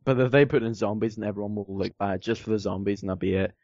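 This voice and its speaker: A man's voice: lowish voice, fairly even intonation, very fast, darkish tone, no echo, muffled recording. A man chatting casually as a podcast co-host, rambling with lots of fillers and some sarcasm. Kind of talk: casual chat.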